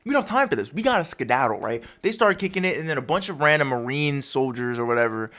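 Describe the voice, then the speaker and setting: A man's voice: mid-range voice, expressive, quick pace, fairly bright tone. A man casually breaking down a comic chapter for his channel in a rambling, storytelling way. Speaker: manga recap YouTuber.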